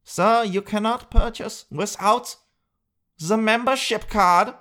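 A man's voice: sits high, slow, fairly bright tone, voice pushed up. A man voicing a stern, officious store checkout clerk who speaks formally and demands proof of membership.

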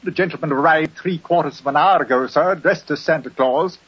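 An actor playing a deferential, fretful butler, formal and polite, in 1940s radio acting. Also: male voice, on the high side, fairly quick, husky. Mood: anxious. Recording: dull lo-fi 1940s radio recording.

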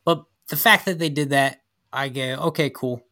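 A man's voice: a little high, moderate pace, sharp tone, dry recording, clean studio sound. A man co-hosting a casual movie-review podcast. He talks thoughtfully, weighs his words and repeats his key phrases. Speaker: podcast co-host.

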